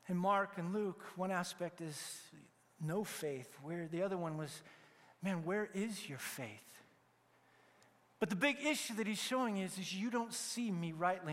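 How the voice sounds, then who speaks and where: A male pastor preaching a sermon, swinging between loud emphatic peaks and hushed, near-whispered lines. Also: sits high, big-room sound.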